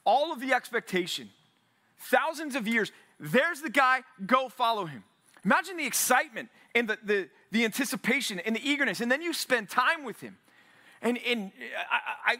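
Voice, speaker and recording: A man preaching to a men's Bible study with an energetic, animated delivery. His voice sits high and bright. He acts out the quotes he reads and builds to near shouts when he urges his listeners. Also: moderate pace. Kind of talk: sermon.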